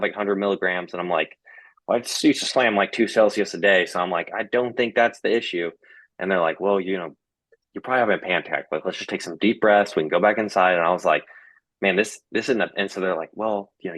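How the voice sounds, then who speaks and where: A young man tells his own story in a casual, rambling way. His voice sits low, and he keeps acting out the conversations and filling gaps with "like" and "um". The recording is close and dry, with no room sound. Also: fairly bright tone, no echo. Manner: retells scenes in quoted back-and-forth, many fillers. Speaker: guest sharing his story.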